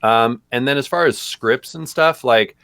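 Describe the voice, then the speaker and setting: A man's voice: mid-range voice, a little slow, vocal fry, a bit bright, dry recording. A man co-hosting a live stream, answering viewer questions in a loose, rambling way with lots of fillers. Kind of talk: casual live-stream chat.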